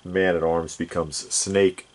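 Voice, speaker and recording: Man, very low voice, measured, deliberate casual chat. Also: little pitch movement, background noise. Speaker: co-host, toy collector.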